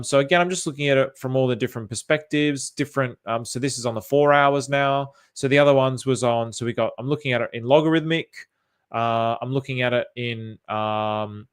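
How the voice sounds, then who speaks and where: An Australian man chatting casually on a livestream, thinking aloud with lots of fillers and restarts as he reacts to viewer comments. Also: medium pitch. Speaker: crypto chart commentator.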